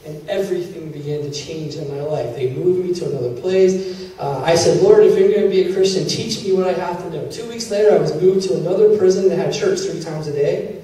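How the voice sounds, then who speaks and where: A man preaching a personal testimony, his mellow voice carrying through a big echoey hall. He sits fairly high for a man and is picked up from a distance. He tells his story with feeling, acting out the dialogue. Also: a little fast. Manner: emotional storytelling, quoting God and others in dialogue. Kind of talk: sermon testimony. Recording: very echoey hall, distant mic, faint hiss.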